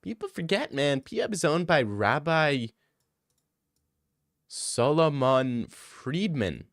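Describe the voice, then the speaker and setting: A man's voice: on the high side, sing-song, slow pace, a bit bright, no room sound, studio quality. A young man from Canada streaming live, reading chat aloud and answering it with sarcastic, laughing banter.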